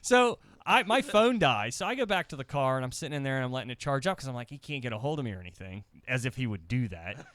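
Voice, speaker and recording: A man's voice: mid-range voice, fast talker, few pauses, no room sound. A man hosting a comedy podcast, telling a story in casual chat and acting out the other people in it. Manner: animated storyteller, acts out voices in quotes. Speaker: podcast host.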